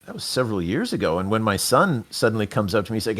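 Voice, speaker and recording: Low-voiced man hosting a podcast. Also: big pitch swings, quick pace, hardly any pauses. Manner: rambling, restarts mid-sentence. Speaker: podcast host. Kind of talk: casual interview chat.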